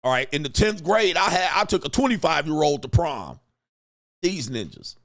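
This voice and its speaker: A man's voice: fairly high pitch, big pitch swings, moderate pace, fairly bright tone. Joking, profane man hosting a livestream. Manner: loose, joking, profane, reads viewer comments aloud; laughs often, slangy street talk. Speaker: livestream host. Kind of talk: casual livestream talk.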